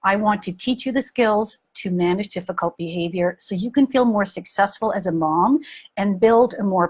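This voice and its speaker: A middle-aged woman hosting a parenting talk, speaking frankly and animatedly and repeating words for emphasis. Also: mid-range voice. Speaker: parenting coach and podcast host. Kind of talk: casual talk to listeners.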